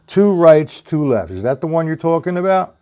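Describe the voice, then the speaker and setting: A man with a fairly high, clear, resonant voice and a dark tone teaches drums on a live stream, his pitch swinging widely at a moderate pace. He chats with viewers by name while answering the chat and counts rhythms aloud as he demonstrates.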